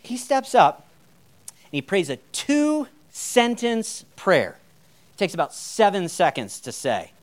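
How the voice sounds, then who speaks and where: High-voiced man preaching a casual sermon. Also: wildly swooping pitch, measured pace. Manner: conversational, with wry humorous asides. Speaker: pastor.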